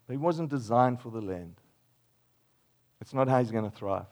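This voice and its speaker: Older Australian man preaching, playful made-up stories, mid-range voice, swings from loud to hushed. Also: medium pitch, moderate pace. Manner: animated storytelling with playful made-up examples, dropping to a hushed close. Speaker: pastor. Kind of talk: sermon.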